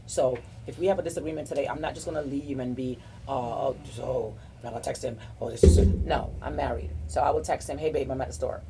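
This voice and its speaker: There's noisy background behind this middle-aged podcast host from South Florida, who talks quickly with few pauses in a rumbling low voice. In a casual group chat she gives warm-hearted, rambling relationship advice, earnestly restarting as she goes.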